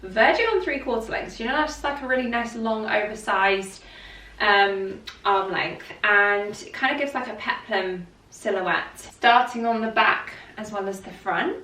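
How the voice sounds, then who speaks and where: A woman's voice: medium pitch, measured pace, sharp tone. A woman vlogger in a casual try-on chat, rambling and full of fillers, sounding congested from hay fever. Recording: roomy echo, mic at a distance.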